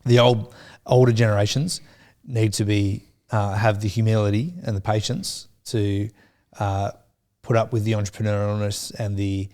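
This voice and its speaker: A middle-aged man co-hosting a church podcast, thinking aloud in a slow, hesitant way with many fillers. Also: on the low side, level tone, a little mellow. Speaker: podcast co-host. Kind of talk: reflective podcast chat.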